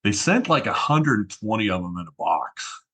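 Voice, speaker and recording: A man's voice: lowish voice, big pitch swings, moderate pace, sharp tone, husky. A man, a regular guest on a tech podcast, chatting and reminiscing with many fillers. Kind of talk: casual podcast chat.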